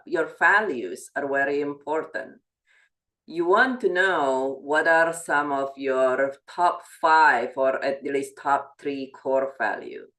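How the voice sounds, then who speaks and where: Slow-talking woman guest, low voice, thoughtful advice, repeats words a lot. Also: a bit bright. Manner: measured, thoughtful, repeats words while thinking. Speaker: guest relationship expert. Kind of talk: casual advice chat.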